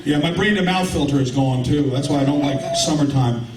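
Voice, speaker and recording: Man, middle-aged, stand-up comic, crude rambling delivery, fairly high voice, roomy distant club recording. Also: brisk, a loud crowd. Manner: rambling, crude, self-mocking storytelling. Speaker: stand-up comedian. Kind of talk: stand-up comedy set. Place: comedy club with a live audience.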